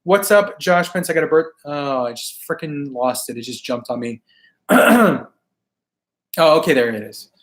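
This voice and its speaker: A hoarse man who is losing his voice, hosting a toy collecting live stream in a laid-back, slangy way as he answers viewer comments. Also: a little high, fairly quick, few pauses. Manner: laid-back, chatty, slangy, often laughing.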